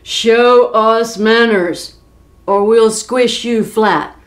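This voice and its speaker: A woman voicing a clumsy, greedy giant man who shouts blunt demands in a storybook reading. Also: on the high side, very slow. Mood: shouting.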